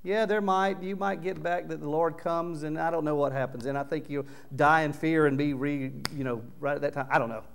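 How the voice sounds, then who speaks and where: Emphatic male preacher with a smooth voice. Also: on the high side, fairly even intonation, fairly quick, few pauses. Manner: earnest, emphatic preaching with loud swells on key words. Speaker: pastor. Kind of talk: sermon. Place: church sanctuary.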